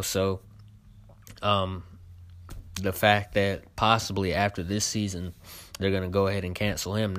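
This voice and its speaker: This young man hosts his own show, and his voice is deep and slightly bright, with no room sound. He gives a casual spoken review of a trailer, packed with fillers and heated complaints.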